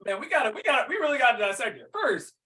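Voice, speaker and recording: A man's voice: very high voice, very animated, racing, bright, forceful tone, distant mic. A man co-hosting a podcast, talking in loose, crude slang and laughing often as he riffs. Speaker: podcast co-host. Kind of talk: casual podcast banter.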